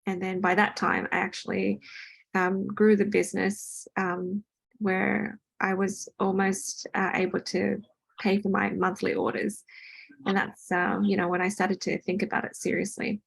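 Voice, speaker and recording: Gravelly-voiced woman chatting casually at home. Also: medium pitch, level tone, unhurried. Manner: chatty, many ums and restarts. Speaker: host. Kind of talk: casual chat. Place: home with a party in another room.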